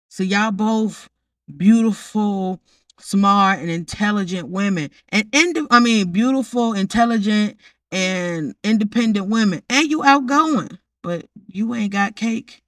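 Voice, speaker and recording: A woman's voice: medium pitch, slow, no room sound, clean studio sound, far from the mic. A woman casually narrating a life-simulation story, chatty and teasing, often talking straight to the characters. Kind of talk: casual commentary over gameplay footage.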